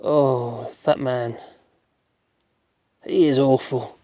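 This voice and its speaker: A middle-aged man hosts a live stream, reading out viewer comments and answering them in loose, joking chat. He laughs often and slips in mocking asides. His voice sits at an ordinary pitch and sounds close and dry. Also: fairly even intonation, slow, dark tone, no room sound. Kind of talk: casual chat.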